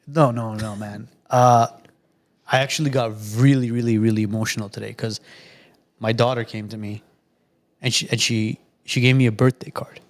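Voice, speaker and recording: A man in his late thirties co-hosts a podcast, telling stories in a chatty, casual way with many restarts. His voice is mid-range, with fairly even intonation and a moderate pace.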